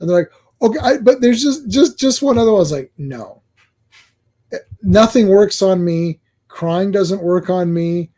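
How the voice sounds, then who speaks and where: High-pitched rambling podcast man. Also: moderate pace, hardly any pauses, warm tone. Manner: rambling, self-amused storytelling. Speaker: podcast host. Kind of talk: casual chat.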